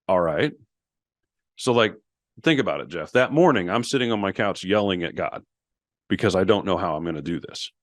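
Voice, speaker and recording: A man's voice: deep voice, brisk, dry recording, clean studio sound. A man as a podcast guest, earnestly retelling an emotional story with many restarts and quoted dialogue.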